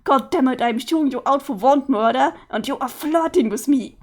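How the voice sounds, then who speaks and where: A woman reading aloud and voicing a furious, foul-mouthed young male troll who rants loudly. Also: sits high, normal speed. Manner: loud, ranting, sweary.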